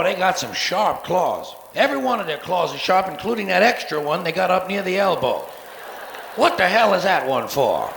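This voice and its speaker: A man's voice: high voice, creaky, echoey room, background noise. A man in his forties doing a profane, sarcastic stand-up routine on a live theater stage, recorded from the soundboard. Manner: profane, sarcastic, acts out cat voices. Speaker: stand-up comedian.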